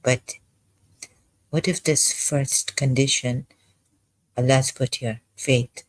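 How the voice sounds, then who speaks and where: A man reads scripture aloud and comments on each verse in a slow, deliberate voice. He halts and restarts often, sounding agitated as he thinks aloud. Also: mid-range voice, steady tone, rough recording. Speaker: ex-Muslim commentator.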